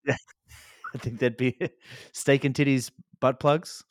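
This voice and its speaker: A man's voice: medium pitch, steady tone, slow, dry recording, clean studio sound. A man co-hosting a casual podcast, rambling through crude stories with frequent laughs. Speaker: podcast co-host.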